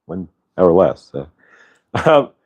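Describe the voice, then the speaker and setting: A man's voice: sits low, big pitch swings, slow, a little mellow, highs cut off. Upbeat rambling man hosting a livestream. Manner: upbeat, rambling, reads viewer comments aloud. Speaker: livestream host. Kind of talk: casual spiritual livestream chat.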